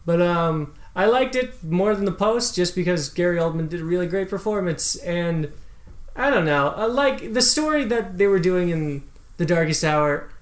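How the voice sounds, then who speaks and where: A man's voice: sits high, animated, normal speed. A young man co-hosting a casual movie podcast, laid-back and wry, often hesitant as he talks. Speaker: podcast co-host. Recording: echoey room.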